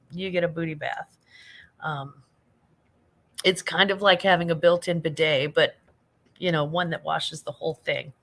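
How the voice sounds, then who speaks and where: A woman's voice: medium pitch, fairly bright tone. An American woman hosting a casual late-night livestream, chatting with viewers, reading their comments and laughing often. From United States. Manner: chatty, laughs often, reads chat aloud. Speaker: livestream host.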